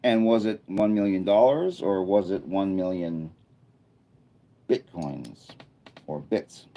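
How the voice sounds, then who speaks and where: A man hosting a casual live stream from an indoor room lit by a bright studio light, chatting and thinking aloud as he reads viewer comments. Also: sits low, slow pace. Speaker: livestreamer.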